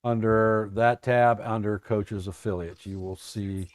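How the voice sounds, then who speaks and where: A man's voice: fairly low pitch, fairly even intonation, measured pace. A man hosting a casual trading stream, joking and teasing his viewers. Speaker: trading coach host. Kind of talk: casual live-stream chat.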